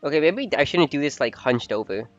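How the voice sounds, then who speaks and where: A man's voice: a little high, animated, fairly quick, muffled recording, faint music behind. A man streaming a game with casual, joking, self-mocking commentary into a desk microphone.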